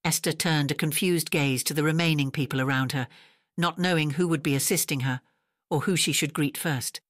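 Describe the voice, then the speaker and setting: A woman narrating a romance audiobook in a measured, even storytelling manner, recorded close on a studio mic. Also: low-pitched, no room sound. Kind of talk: scripted narration.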